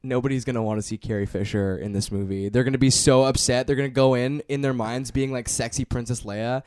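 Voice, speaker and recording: A man's voice: medium pitch, steady tone, fairly quick, darkish tone, dry recording, studio quality. A man in casual conversation about movies and shows, opinionated and blunt, swearing casually. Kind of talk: casual chat.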